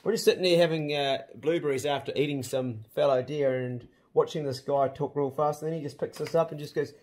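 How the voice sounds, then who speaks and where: Middle-aged kiwi bloke chatting away, husky mellow voice, swears a lot, pretty hyped. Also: male voice, fairly high pitch, fairly quick. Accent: New Zealand. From New Zealand. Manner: excitable, swears casually, says "man" and "bro". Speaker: channel host. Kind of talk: casual vlog chat.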